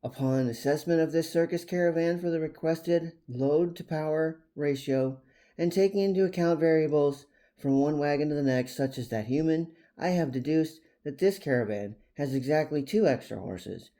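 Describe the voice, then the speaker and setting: A man voicing a wise, formal male great horned owl who speaks in a precise, measured way in a read-aloud storybook. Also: a little high, dark tone, natural voice.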